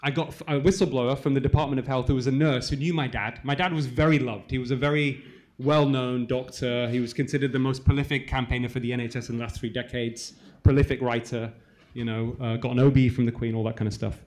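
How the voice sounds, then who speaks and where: A man from England, a cardiologist, telling a personal story to a live audience in a fast, conversational way, dropping to a hushed voice in the sad parts. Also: medium pitch, fairly even intonation. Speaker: cardiologist speaker. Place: conference hall.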